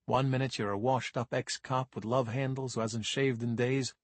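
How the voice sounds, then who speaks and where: Husky guy reading a mystery audiobook, dry deadpan, close dead room. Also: medium pitch, normal speed, dry recording. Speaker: audiobook narrator. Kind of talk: first-person audiobook narration.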